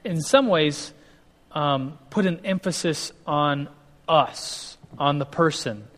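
Taking things slowly, a male pastor with a fairly bright, high-leaning voice delivers a conversational sermon. He frequently starts sentences over and voices what people say, and the recording echoes with long hall reverb.

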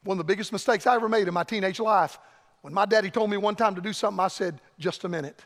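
An older man preaching a fiery revival sermon, his voice unusually high and ringing bright. He swings from shouts to hushed murmurs. The sound carries a long reverb from the church hall. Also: fast talker. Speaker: evangelist. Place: church sanctuary.

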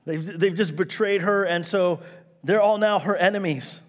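A man preaching a sermon in an earnest, emphatic way, rising to outcries and dropping to hushed, quiet lines. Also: high voice, moderate pace, in a large hall. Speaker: pastor.

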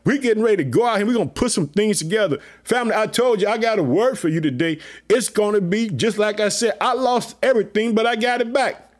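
Pumped-up high-voiced preacher man. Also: fast. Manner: excited, repetitive preaching catchphrases. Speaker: pastor. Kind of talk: energetic podcast sermon.

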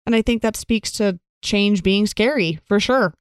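A woman's voice: mid-range voice, moderate pace, smooth, no echo, studio quality. A woman in casual podcast conversation, talking earnestly with lots of "like" fillers. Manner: earnest, animated, many "like" fillers.

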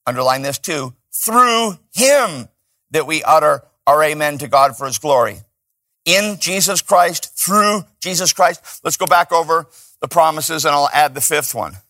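A man preaching a sermon, swinging from loud emphatic peaks to hushed asides. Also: fairly high pitch, animated, unhurried, no room sound, studio quality. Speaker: pastor.

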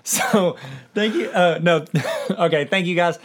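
Joking man, slightly high voice. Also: slow pace. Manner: rambling, joking, self-interrupting. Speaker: podcast co-host. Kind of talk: casual podcast chat.

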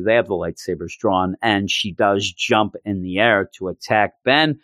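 A man's voice: lowish voice, a little slow, no room sound. Joking man recapping a story, dry sound. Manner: animated, joking, self-mocking. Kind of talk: casual recap.

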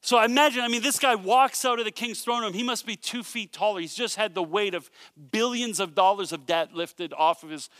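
A man preaching a sermon, retelling a parable in an animated storytelling way with joking asides. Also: sits high, a little fast, no echo, clean studio sound. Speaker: pastor.

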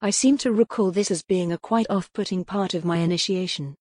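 Lady reading a calm lecturing secret society guy, kinda low, dry close sound. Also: fairly quick, dry recording, close to an everyday voice. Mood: explaining. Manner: explanatory, matter-of-fact.

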